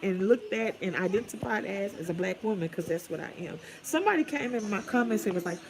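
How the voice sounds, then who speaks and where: A woman's voice: mid-range voice, lively intonation, a little fast, poor audio. A woman ranting on her livestream, blunt, sassy and trash-talking. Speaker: vlogger. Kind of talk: profane ranting livestream talk.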